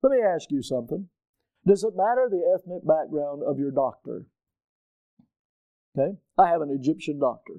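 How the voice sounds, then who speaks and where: An older man, a pastor, preaching a sermon to his congregation, putting questions to them and building to loud, emphatic peaks. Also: fairly high pitch, no echo, poor audio.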